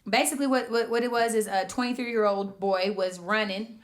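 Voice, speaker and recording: A woman's voice: fairly high pitch, steady tone, fairly quick. A woman co-hosting a casual podcast, earnestly recounting a news story in detail. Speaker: podcast co-host. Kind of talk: casual discussion.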